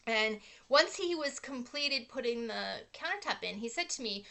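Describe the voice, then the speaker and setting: A woman's voice: a little high, normal speed, hardly any pauses. A middle-aged woman hosting a casual inspirational talk, telling a personal story earnestly, with fillers. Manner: earnest storytelling with fillers, animated when acting out quotes. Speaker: host.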